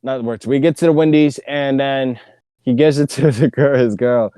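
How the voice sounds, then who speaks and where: A young man telling a story on a podcast, casual, slangy and animated, often laughing. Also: medium pitch, normal speed, smooth, no room sound, studio quality. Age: young adult. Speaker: podcast host.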